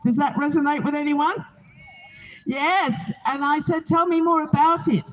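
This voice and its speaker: A woman's voice: high voice, a little slow, poor audio. A woman from England, giving an earnest, heartfelt spoken testimony outdoors to a gathering. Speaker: Bible reading organizer.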